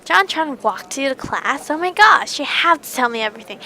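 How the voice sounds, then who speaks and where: A woman voicing an excitable, gossiping young female schoolgirl who fires off eager questions. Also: fairly high pitch. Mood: excited. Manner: eager, rapid barrage of questions.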